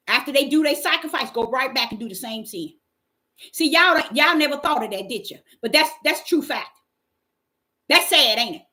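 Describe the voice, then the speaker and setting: Fervent woman preaching, high and animated. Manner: fervent, call-and-response exclamations, Bible reading. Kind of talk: informal street-style sermon.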